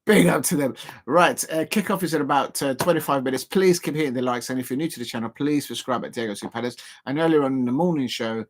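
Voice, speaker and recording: A man talks casually through a live football stream, speaking from a seated spot at home. His pitch sits in a middle range, and he meanders, restarting sentences and filling gaps with ums. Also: fast talker. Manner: rambling, many ums and restarts, chatty asides to viewers.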